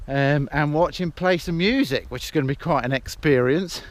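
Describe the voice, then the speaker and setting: A man's voice: a little high, normal speed. Breathless English man vlogging on a hill. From England. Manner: chatty, self-mocking, laughs often. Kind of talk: casual outdoor vlog chat. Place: hillside outdoors. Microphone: handheld camera.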